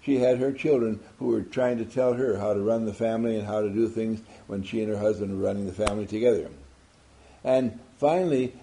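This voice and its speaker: This motivational speaker addresses a group with emphasis, firing off one rhetorical question after another. He has a medium-pitched, creaky voice with a dark tone.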